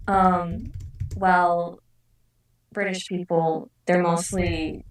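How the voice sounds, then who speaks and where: Woman, unhurried and halting, slightly low, roomy distant sound. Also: little pitch movement. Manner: hesitant, many filler pauses. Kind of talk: casual panel chat.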